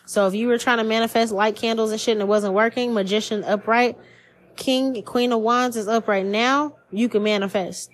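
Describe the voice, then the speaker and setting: A woman's voice: on the high side, steady tone, normal speed. A woman giving a casual spiritual reading as a podcast host, blunt and profane, acting out the voices she quotes. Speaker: tarot and astrology reader.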